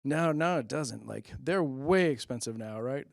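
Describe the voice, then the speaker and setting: A man's voice: medium pitch, animated, measured pace, vocal fry, dry recording, studio quality. A middle-aged man hosting a stand-up comedy monologue, rambling with self-deprecating, muttered asides. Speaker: comedian host.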